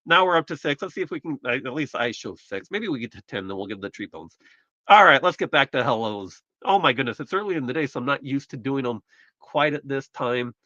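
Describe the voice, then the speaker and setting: A man's voice: medium pitch, expressive, fairly quick, pushed and bright, no room sound, muffled recording. A man from the United States hosting a casual live stream, chatting in a rambling, self-correcting way while recovering from surgery. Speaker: livestream host.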